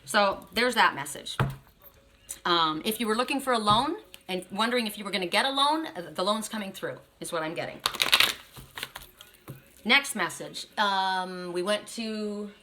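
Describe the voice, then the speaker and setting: A woman's voice: medium pitch, expressive, normal speed, noisy background. A woman doing a casual spiritual card reading, chatty and emphatic, often checking in with "right?". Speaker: tarot card reader.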